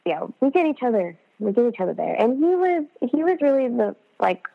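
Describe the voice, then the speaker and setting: Woman guest, creaky voice at mid pitch, candid rambling storyteller, dull lo-fi audio. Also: brisk. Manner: rambling, frequent fillers and restarts, animated quoting. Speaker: podcast guest.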